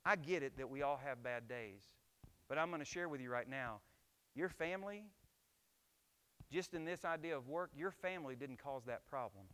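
A man's voice: medium pitch, normal speed, sharp tone, clean tone. A middle-aged man preaching a sermon as pastor, emphatic and asking the congregation rhetorical questions.

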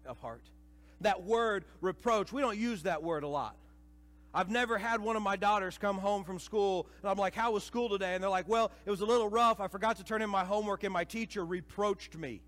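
A man preaching a sermon to a church congregation, dramatic, swinging between hushed and loud passages and acting out voices. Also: high-pitched. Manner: acts out quoted voices. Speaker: pastor. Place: church sanctuary. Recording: reverberant church hall.

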